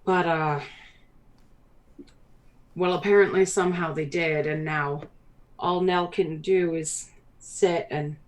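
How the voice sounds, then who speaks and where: A woman's voice: lowish voice, fairly even intonation, slow pace, pauses often. Woman doing a motherly dwarf mayor. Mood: somber. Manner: motherly, hesitant, hushed when delivering bad news. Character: kindly fretful middle-aged female dwarf mayor.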